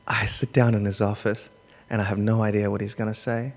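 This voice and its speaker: Young Australian male storyteller, low voice, dynamic delivery, reverberant hall. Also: fairly quick. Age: young adult. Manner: animated storyteller, soft asides and loud bursts. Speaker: public speaker. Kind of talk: storytelling talk. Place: large hall.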